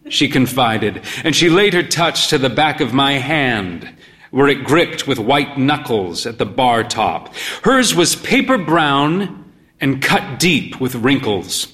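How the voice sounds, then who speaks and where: A man narrating a story as a world-weary pub owner, in a dry, unhurried way. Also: medium pitch, big pitch swings, bright, forceful tone. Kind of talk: storytelling reading.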